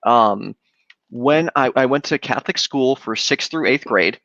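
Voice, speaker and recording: A young man, a podcast host, telling his own story with earnest, halting restarts. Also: mid-range voice, vocal fry, fairly bright tone, dry recording, highs cut off. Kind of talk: casual conversation.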